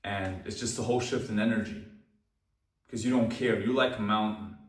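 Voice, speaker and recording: A man with a low voice speaks slowly and calmly, leaving deliberate pauses between phrases as he hosts a self-improvement talk. He sits a little back from the mic, and the room gives his voice a noticeable echo. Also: recorded from a distance. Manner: slow, calm, pausing deliberately. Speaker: self-improvement video host. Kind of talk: slow deliberate talk to camera.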